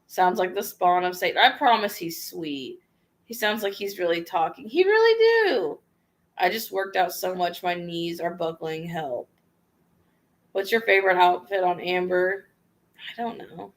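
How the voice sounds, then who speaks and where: A woman's voice: lowish voice, animated, a little slow. A woman vlogger casually reading out viewer questions and answering them frankly in a chatty, slangy way. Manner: reads viewer questions aloud and answers offhand. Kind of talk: casual livestream Q&A.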